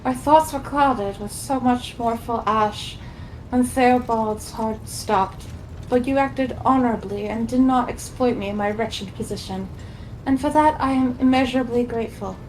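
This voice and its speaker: A woman's voice: on the high side, measured pace, a little hiss or hum, natural voice, low-quality recording. A woman reading the lines of a solemn noble female navigator with a warp eye, in formal, archaic speech. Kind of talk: reading game dialogue aloud.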